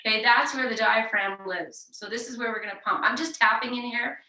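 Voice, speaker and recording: A woman leads a yoga class with gentle, encouraging cues, stopping to demonstrate forceful breathing exercises. Her voice is bright and clear. She is recorded from some distance in an echoey room. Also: fairly high pitch, a little fast. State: sweating from exertion. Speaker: yoga teacher. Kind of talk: guided yoga class instruction. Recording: roomy echo, voice heard from a distance.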